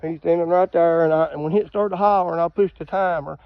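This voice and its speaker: A man's voice: on the high side, fairly even intonation, fairly quick, vocal fry, clear, resonant tone, no room sound, lo-fi sound. A man telling rambling, folksy stories to camera outdoors, laughing at his own jokes. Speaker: outdoorsman showing hunting land. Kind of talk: casual storytelling to camera. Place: outdoors on a ridge trail.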